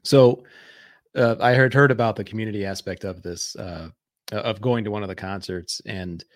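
A man's voice: on the low side, normal speed. A man co-hosting a podcast in casual chat, hesitant with many fillers. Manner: hesitant, many uh and you know. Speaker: podcast co-host.

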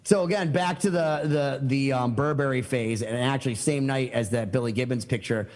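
A man's voice: mid-range voice, normal speed, darkish tone, long reverb tail. A man telling stories as a podcast guest, eager and rambling, with many fillers and restarts. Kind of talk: casual storytelling chat.

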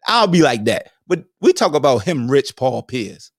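A man hosting a podcast, delivering a joking commentary monologue in slang, swinging between high exclamations and low mutters. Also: very animated, moderate pace, few pauses, no room sound, clean studio sound. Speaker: podcast host. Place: home streaming setup.

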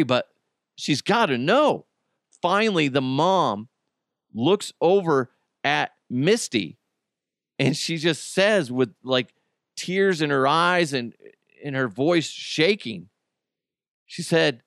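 Slow, unhurried male podcast storyteller. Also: on the high side, lively intonation, a bit bright, no room sound, studio quality. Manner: conversational, loose, with frequent fillers and restarts. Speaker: podcast host. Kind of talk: casual storytelling.

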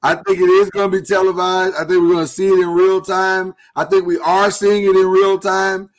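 A man hosting a live talk show, speaking earnestly and haltingly while he holds back emotion. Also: high voice, little pitch movement. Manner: earnest, halting, with many restarts. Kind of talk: casual live-stream talk.

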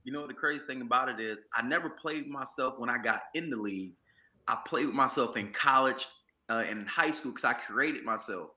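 Man, former athlete, podcast co-host, laid-back, very bright sharp tone. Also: medium pitch, brisk. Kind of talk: casual sports podcast chat.

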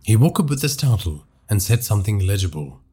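A man narrating a horror story for a podcast in a hushed, dramatic storytelling manner. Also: lowish voice, very animated, fairly quick, slightly rough.

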